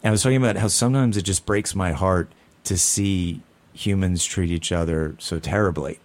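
A man's voice: deep voice, normal speed, darkish tone. A man co-hosting a talk show, speaking casually and earnestly, often rambling and restarting his sentences. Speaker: podcast co-host. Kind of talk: casual conversation.

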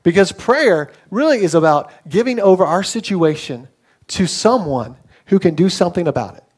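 A young man with a fairly high voice delivers a sermon. He keeps it conversational and animated, slipping into quoted voices as he tells the story. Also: normal speed, slightly rough. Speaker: pastor.

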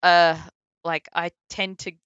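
A chatty Australian woman with a bright, crisp voice and a somewhat low pitch. She talks casually, dotted with likes and ums. The recording is dry and close. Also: flat delivery, takes it slowly, no room sound, highs cut off. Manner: chatty, full of likes and ums, laughs often. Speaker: voice actor guest. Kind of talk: casual interview chat.

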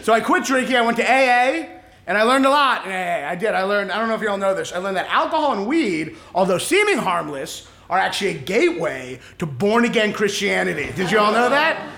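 High-voiced deadpan stand-up comic. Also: male voice, brisk, creaky. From Kentucky, US. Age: 30s. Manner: deadpan, dry, self-mocking, chatting with the crowd. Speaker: stand-up comedian. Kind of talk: stand-up comedy set. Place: comedy club stage. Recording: echoey club, audience laughter.

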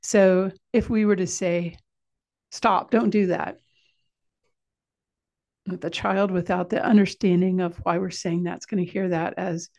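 A woman giving an informal, calm and explanatory talk on parenting, coaching listeners. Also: on the low side, normal speed, gravelly, hardly any pauses. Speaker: parenting speaker.

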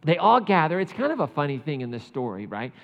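A man giving a casual, conversational sermon, animated and chatty, laughing often and saying "like" a lot. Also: a little high, fast talker, vocal fry. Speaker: preacher. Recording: muffled sound with long hall reverb.

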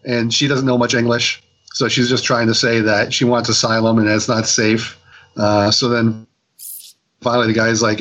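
A man on a casual podcast, retelling a comic's story with lots of ums, restarts and quick acted-out quotes. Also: medium pitch, flat delivery, a bit bright, poor audio. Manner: rambling retelling with many fillers and restarts. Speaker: podcast co-host reviewing comics.

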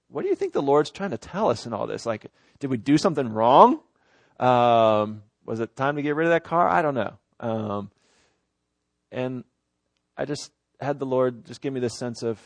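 A middle-aged man who is a pastor, telling a personal story in a sermon with lively, acted-out exasperation. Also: mid-range voice, no echo. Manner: animated storyteller, acts out his own exasperation.

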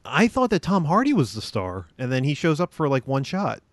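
A man's voice: a little high, wildly swooping pitch, fairly quick, no echo. A man co-hosting a podcast in casual chat, hesitant, with many ums and restarts. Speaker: podcast co-host.

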